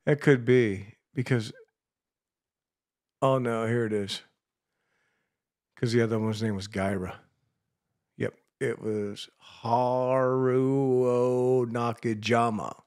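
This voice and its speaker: A man's voice: mid-range voice, steady tone, slow pace, pauses often, darkish tone. A man co-hosting a radio show in casual banter, chatty and thinking aloud while he looks things up.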